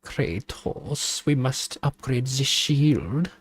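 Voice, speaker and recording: A man voicing a scheming, pushy character with a mock German accent, speaking in slow, stiff, formal sentences. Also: medium pitch, animated, slight background noise. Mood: insistent.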